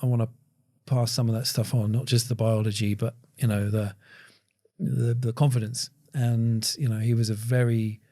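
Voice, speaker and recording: A man's voice: mid-range voice, level tone, dark tone. Reflective man in his forties. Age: 40s. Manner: halting, many restarts and fillers. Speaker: podcast guest, agency founder. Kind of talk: reflective conversation.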